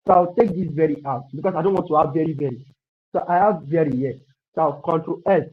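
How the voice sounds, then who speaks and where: A man's voice: on the high side, fast talker. Upbeat man teaching code, lo-fi. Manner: repetitive, encouraging, thinks aloud while typing. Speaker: coding instructor. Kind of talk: live online coding lesson. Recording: dull lo-fi stream audio.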